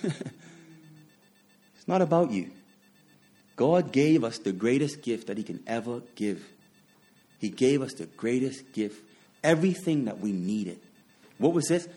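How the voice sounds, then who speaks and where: A man with a warm, medium-pitched voice delivers a sermon, repeating key points for emphasis. Rhetorical questions and personal anecdotes, punctuated by chuckles, fill his preaching.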